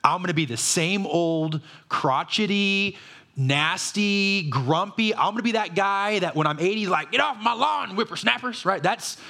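Man, pastor, preaching, conversational, rhetorical questions, fairly high voice. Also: pushed and bright. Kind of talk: sermon.

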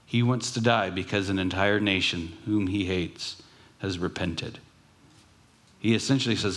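A man's voice: low voice, a little slow, fairly bright tone. A man preaching a sermon as pastor, earnest, with emphatic rising bursts.

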